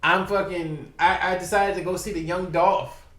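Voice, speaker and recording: A man's voice: sits high, steady tone, normal speed, fairly bright tone, reverberant. A man from Baltimore, a podcast guest telling a long, profane, rambling story packed with quoted dialogue. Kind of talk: casual storytelling. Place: podcast studio.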